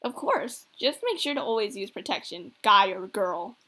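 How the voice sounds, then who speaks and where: A woman's voice: mid-range voice, sing-song, moderate pace, sharp tone. A woman voicing a goofy, teasing middle-aged single father from a visual novel. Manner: joking, corny dad teasing.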